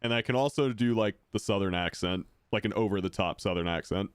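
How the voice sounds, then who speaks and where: A man with a deep voice chatting casually and rambling while he streams a game. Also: fairly quick, clear, resonant tone, no echo, clean studio sound. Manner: rambling, self-correcting, laid-back. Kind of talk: casual chat while gaming.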